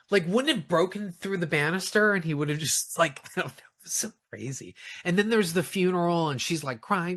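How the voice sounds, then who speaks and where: A man co-hosting a casual film review, animated and swearing often, acting out lines from the movie in mocking voices. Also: sits high, a little fast, few pauses. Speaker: podcast co-host reviewing films.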